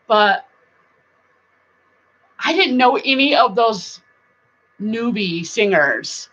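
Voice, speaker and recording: A middle-aged woman hosting a casual live-stream chat, rambling warmly, laughing often and now and then breaking into song. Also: fairly high pitch, animated, drawn-out words, pauses often. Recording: dull lo-fi sound with faint noise.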